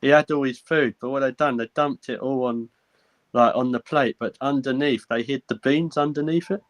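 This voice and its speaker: A man, a guest on a casual live chat, telling lively anecdotes and acting out the other people in them. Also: mid-range voice, normal speed, low-quality recording. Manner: animated anecdote teller, quotes people. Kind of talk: casual banter.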